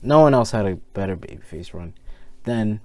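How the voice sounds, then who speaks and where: A young man ranting casually about a wrestling show, rambling and animated, full of fillers and repeated words. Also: lowish voice, moderate pace, no room sound. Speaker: wrestling review vlogger. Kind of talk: casual rant to camera.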